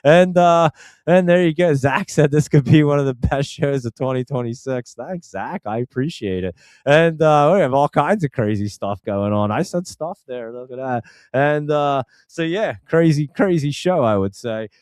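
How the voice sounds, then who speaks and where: A man's voice: medium pitch, lively intonation, normal speed, a little mellow, clean tone, no room sound, clean studio sound. A man hosting a stock market show, chatting casually and rambling with many fillers and restarts. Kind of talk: casual live-stream chat.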